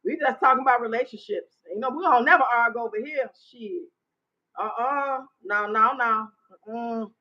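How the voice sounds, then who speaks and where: A woman in her fifties hosting a casual live chat, loud, blunt and profane. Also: fairly high pitch, moderate pace, muffled recording. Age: 50s. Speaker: livestream host.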